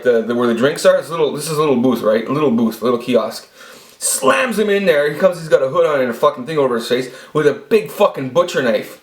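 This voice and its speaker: A man in his forties recorded in an echoey room, talking at a middling pitch. He rambles through crude, swear-laden anecdotes about his past. He films it himself on his own camera. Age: 40s. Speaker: vlogger. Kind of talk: casual storytelling monologue. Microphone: self-filmed camera.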